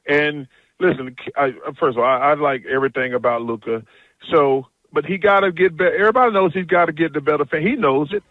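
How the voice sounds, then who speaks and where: A man's voice: on the high side, fairly quick, no echo. Blunt joking man on a dull line. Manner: blunt, jokey storytelling with frequent restarts. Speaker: guest analyst. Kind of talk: casual phone-in radio chat.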